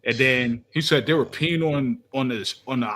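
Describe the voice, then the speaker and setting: A young man co-hosting a casual sports podcast. He talks in a brash, emphatic way, trash-talking rival fans. His voice sits at an ordinary mid pitch. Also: normal speed, a bit bright. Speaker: podcast co-host.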